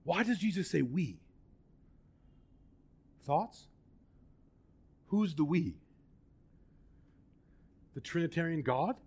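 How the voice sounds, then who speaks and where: A man with a high voice preaches a sermon. He speaks with emphasis and animation, often putting questions to his listeners. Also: expressive, takes it slowly, pauses often, darkish tone, breathy edge.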